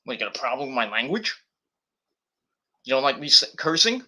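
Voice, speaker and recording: A man's voice: mid-range voice, big pitch swings, brisk, bright, forceful tone. A man casually reviewing wrestling on a live stream, rambling and swearing, with lots of fillers and restarts.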